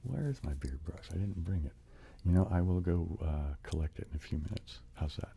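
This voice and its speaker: Man, live stream host, casual chat, lively rise and fall, rough fry in the voice. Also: sits low, a little fast, slight background noise. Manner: chatty, thanks viewers by name.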